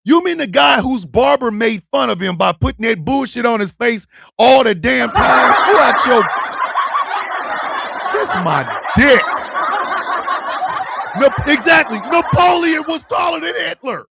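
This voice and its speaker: A man hosting a live stream, ranting loudly and profanely, shouting and laughing, then dropping to a mutter. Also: very high-pitched, very animated, a little slow, creaky.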